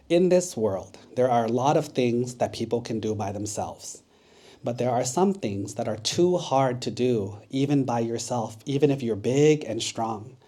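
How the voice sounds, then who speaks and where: An eager young boy bird from a children's storybook, sweet-natured and a bit slow-witted, as a man puts him on. He talks in a mellow, dark tone with an earnest, pleading manner. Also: mid-range voice. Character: naive kind young male bird suitor.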